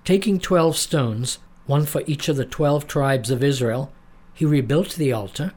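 A man reading a storybook aloud in a measured, dramatic narrating style. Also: mid-range voice, a little mellow.

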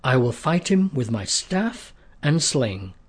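A bold young shepherd speaks with earnest faith, as a man reads him. The voice is husky and mid-pitched in a storybook telling. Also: sing-song, slow, exaggerated voice. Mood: calm.

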